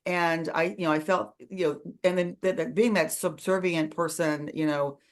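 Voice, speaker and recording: A woman's voice: low voice, steady tone, moderate pace. A woman hosting an online book club discussion over a video call, chatty and full of fillers.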